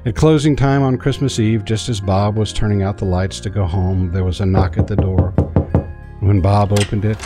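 Low-voiced man reading a bedtime tale. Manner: sheepish and laughing in the chat. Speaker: storyteller and guest. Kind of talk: storybook reading. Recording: music playing behind.

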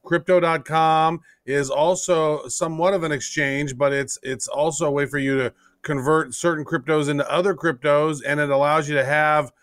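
A man's voice: a little high, steady tone, normal speed, hardly any pauses, fairly bright tone, dry recording. A man co-hosting a casual crypto podcast, joking and bantering with his partner. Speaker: podcast co-host.

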